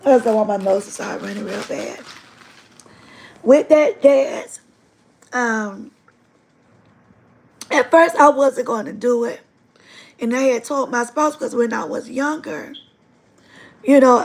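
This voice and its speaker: Woman livestream host, high voice with lots of vocal fry; earnest, emotional testimony spoken straight to viewers. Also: measured pace, long pauses. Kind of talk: live-stream faith testimony.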